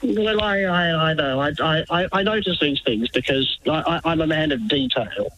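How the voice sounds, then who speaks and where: A man's voice: on the high side, animated, normal speed, a bit bright, lo-fi sound. A man with an Australian accent calling in to talkback radio, fussy and emphatic, often stammering. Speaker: radio caller. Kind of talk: casual talkback call.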